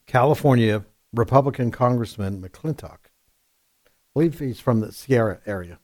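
A man's voice: medium pitch, animated, moderate pace, a little mellow. A man filling in as a talk radio host, chatting casually and folksily with frequent fillers.

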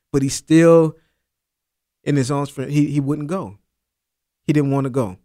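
A man's voice: on the high side, steady tone, unhurried, pauses often, dark tone. Earnest man giving casual Bible teaching. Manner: earnest, casual asides with "man" and "you know".

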